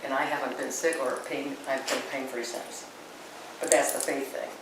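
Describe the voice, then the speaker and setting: A woman's voice: rumbling low, flat delivery, normal speed. A woman guest telling anecdotes as an animal communicator, wandering into frequent asides. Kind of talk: anecdotal storytelling. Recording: echoey room, mic far off, noisy.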